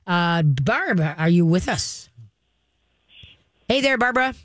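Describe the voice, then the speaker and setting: A woman's voice: mid-range voice, expressive, slow, pauses often, dry recording. A woman hosting a radio call-in show on dog training, chatty and laughing, often acting out voices. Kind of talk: radio call-in advice talk. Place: radio studio. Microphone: studio microphone.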